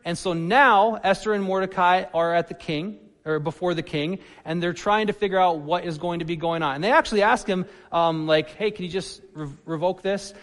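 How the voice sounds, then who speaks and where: A man preaching a sermon, animated, swinging between loud emphasis and soft asides. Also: high voice, brisk, hardly any pauses, in a large hall. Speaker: pastor.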